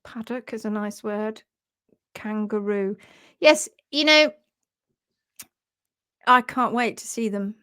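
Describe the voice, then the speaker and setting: A woman's voice: mid-range voice, takes it slowly, long pauses, pushed and bright, smooth. A woman hoof trimmer hosting a casual live stream, playful and giggly as she reads viewers' comments aloud.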